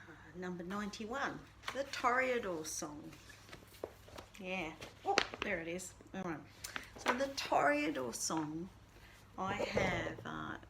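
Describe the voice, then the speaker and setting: A woman's voice: on the low side, fairly bright tone, a little hiss or hum. A woman teaching a band lesson, walking students through a piece step by step and singing rhythms on nonsense syllables. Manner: patient, explains step by step. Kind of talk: recorded music lesson.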